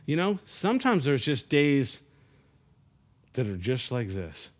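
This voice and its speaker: A man preaching a sermon as pastor, in an earnest style, repeating words as he searches for phrasing and sinking low and soft at the ends of phrases. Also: big pitch swings, slow pace.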